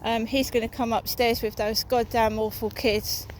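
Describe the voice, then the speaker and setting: A woman's voice: fairly high pitch, level tone, normal speed, slight background noise, rough recording. A woman vlogging outdoors on a walk, ranting in an aggrieved, rambling way and swearing freely into a phone. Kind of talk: rambling walk-and-talk vlog.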